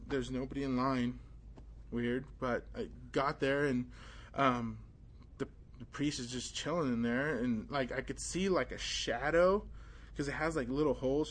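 A young man preaches an informal sermon in a mid-range voice, telling a personal story casually and with animation, using lots of fillers.

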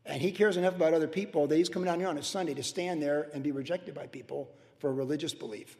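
A pastor in his sixties giving a sermon in a conversational, storytelling way with animated asides. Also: high-pitched, fairly quick, vocal fry, long reverb tail. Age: 60s.

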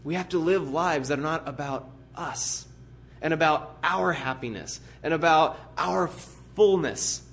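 A pastor preaching a sermon in an earnest, emphatic way, building vivid everyday illustrations. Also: male voice, on the high side, a little slow, fairly bright tone, a little hiss or hum. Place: church.

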